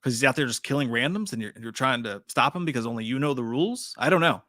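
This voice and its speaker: A man's voice: medium pitch, expressive, fast, a bit bright, dry recording. A man hosting a live trailer breakdown, rambling casually, swearing freely and reading out chat comments. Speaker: live-stream host.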